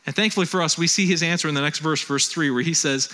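Male pastor, animated sermon delivery, bright tone, slightly high voice. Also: fast. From Western New York. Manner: animated, quotes voices, conversational preaching.

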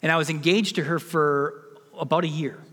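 A man's voice: fairly high pitch, fairly even intonation, moderate pace, a bit bright, big-room sound. A man in his forties, a pastor giving a sermon, telling a personal story and building to emphatic preaching.

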